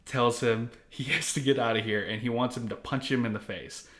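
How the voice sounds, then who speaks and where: A man in the middle of his natural pitch, retelling a cartoon episode for a podcast with plenty of chuckles. He talks in a loose, animated way and jumps between lines. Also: brisk, echoey room. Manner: animated, laughs often while retelling. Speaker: podcast co-host. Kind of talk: casual chat recapping an episode.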